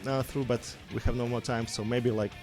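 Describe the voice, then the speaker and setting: A man's voice: medium pitch, little pitch movement, brisk, darkish tone. A young man with a Russian accent moderating a casual panel chat, talking loosely with many "like"s and "uh"s. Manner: casual, heavy on filler words like "like" and "uh". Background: music playing.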